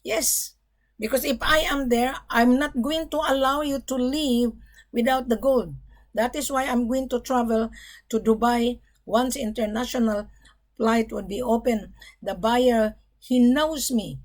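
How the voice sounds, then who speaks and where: A woman's voice: fairly high pitch, fairly even intonation, a little slow. A middle-aged woman gold broker talking to camera in a blunt, emphatic monologue, often swearing "bloody".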